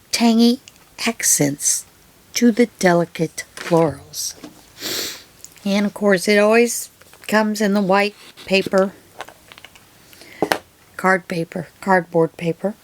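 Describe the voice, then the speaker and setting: A middle-aged woman hosting her own yarn channel, chatting through her mail in an unhurried, rambling way with many pauses and fillers. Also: medium pitch. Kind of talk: casual unboxing chat.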